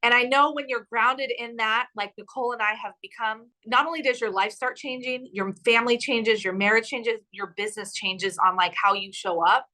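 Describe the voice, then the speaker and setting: A woman's voice: a little high, normal speed, hardly any pauses, pushed and bright, rough recording. A woman co-hosting a podcast who talks casually in an emphatic, motivational way. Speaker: podcast co-host. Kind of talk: casual chat.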